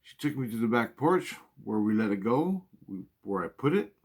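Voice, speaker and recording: A man's voice: on the low side, very animated, moderate pace, a little mellow, husky. Man telling a story, profane and earnest. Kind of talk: casual spoken storytelling.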